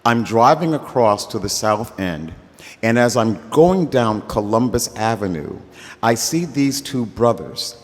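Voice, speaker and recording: An older man telling a story live on stage, relaxed and conversational, acting out the voices of the people in it. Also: mid-range voice, a little slow. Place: festival workshop stage. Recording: reverberant stage sound.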